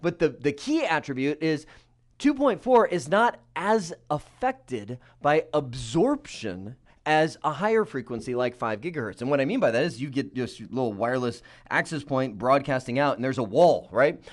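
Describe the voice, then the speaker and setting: A man teaching a technical course in a conversational, animated way, often checking in with "right?" and acting out his examples. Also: mid-range voice, normal speed. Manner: animated, acts out examples in voices; conversational, uses "right?" and "you know". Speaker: instructor. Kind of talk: technical lecture.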